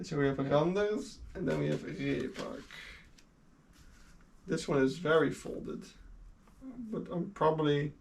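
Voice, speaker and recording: A man's voice: on the high side, creaky, a little mellow, distant mic. Young native-Dutch male streamer, casual and giggly, set back from the mic with faint hiss. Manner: chatty and laughing often, with casual swearing. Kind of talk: casual chat while sorting a collection.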